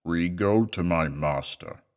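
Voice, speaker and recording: A man voicing a gigantic male Martian guide who speaks in a slow, booming, cryptic and portentous way.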